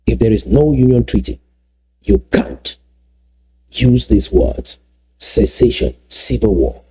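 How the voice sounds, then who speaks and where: An emphatic man speaking straight to his viewers in a solo commentary video. His voice is dark and husky, and he drives each point home by repeating key phrases slowly. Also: mid-range voice. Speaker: political commentator.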